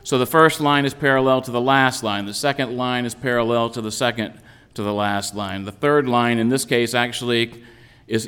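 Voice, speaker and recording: A man's voice: medium pitch, fairly bright tone, clean tone, in a large hall. A man who is an Orthodox priest, giving a patient, explanatory sermon on a psalm with frequent restarts.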